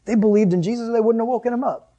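A man's voice: very high-pitched, fast, mellow. A man preaching a casual sermon as a youth pastor, conversational and emphatic with joking asides.

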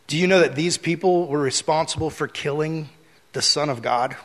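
A man preaching in an easy, conversational way, his voice sitting a little higher than most men's. He leans into quiet, earnest moments. A long reverb trails behind his words, as if in a large hall. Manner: conversational preaching, drops to soft earnest tones. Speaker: pastor. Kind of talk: sermon.

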